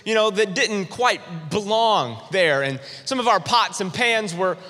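A man with a high, bright voice delivers a sermon, spinning a humorous personal story with animated energy. His words ring out with a long reverb across a large church auditorium. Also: a little slow. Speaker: pastor.

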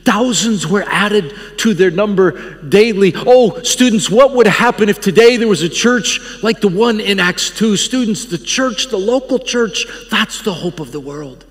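A man's voice: high-pitched, expressive, big-room sound, pitched above the performer's own voice. A man voicing an elderly male professor with a French accent, sighing "oh" as he dreams aloud about the church. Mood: rapturous. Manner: rapturous, drawn-out sighs of "oh".

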